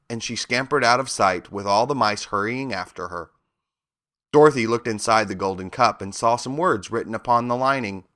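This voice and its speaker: A man narrating a storybook audiobook in an expressive storytelling manner. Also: medium pitch, normal speed.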